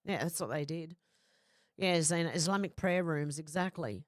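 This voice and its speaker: A woman's voice: low-pitched, normal speed, no echo, clean studio sound. A woman who has a cold and a runny nose, chatting casually on a livestream and reading out viewer comments with frequent apologies.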